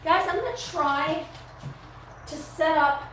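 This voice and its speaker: A woman's voice: high-pitched, lively intonation, slow, fairly bright tone. Chatty woman groomer in an echoey room. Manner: chatty, coos at the dog between talking to viewers. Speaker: dog groomer, live-stream host. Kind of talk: casual live-stream chat while grooming. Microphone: device mic, her own mic not set up. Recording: echoey room with background noise.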